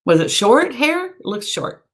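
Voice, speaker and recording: A woman's voice: on the high side, very animated, a little slow. A woman working as a psychic medium, giving live-stream readings to viewers in a chatty, searching way, with many fillers and self-corrections. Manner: reads viewer comments aloud.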